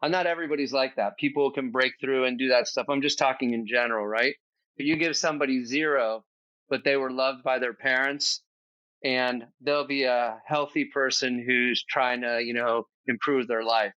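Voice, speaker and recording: A man's voice: medium pitch, fairly even intonation, moderate pace, pushed and bright, no room sound, lo-fi sound. A man speaking as a podcast guest in a casual, earnest, reflective conversation, thinking aloud with fillers.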